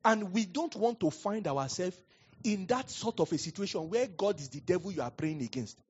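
A man with a Nigerian accent preaching a sermon, telling animated stories and laughing often. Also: high-pitched, moderate pace, slightly rough. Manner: animated storyteller, laughs often, acts out quotes. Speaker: pastor. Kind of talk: sermon with storytelling. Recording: dull lo-fi sound.

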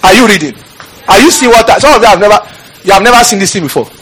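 This is a man preaching a fiery sermon in church. His voice is high and husky, and it swings widely in pitch. He shouts out scripture and keeps calling on the congregation to answer him. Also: animated, rapid-fire, low-quality recording.

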